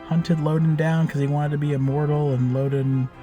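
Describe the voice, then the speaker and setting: Animated man recounting his game. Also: on the high side, normal speed, muffled recording, soft background music. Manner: animated, swearing, full of fillers. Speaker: game master. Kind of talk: casual storytelling.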